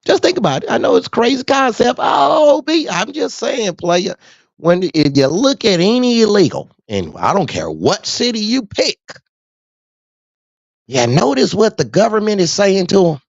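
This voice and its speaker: A man's voice: high voice, very animated, normal speed, vocal fry, no room sound. A man, a truck driver, ranting casually to camera in street slang and laughing often. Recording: dull dry lo-fi sound.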